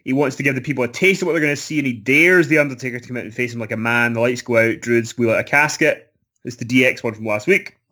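A man co-hosting a casual chat show, recapping in a relaxed way with fillers. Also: medium pitch, quick pace. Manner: relaxed, recaps with fillers and little acted quotes. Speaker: podcast co-host.

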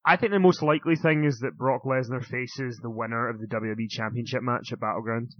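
A man's voice: fairly even intonation, a little fast, no echo. A man co-hosting a casual chat, laughing often as he talks. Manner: laughs often, mimics others in shrill voices. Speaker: podcast co-host. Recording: slightly muffled audio.

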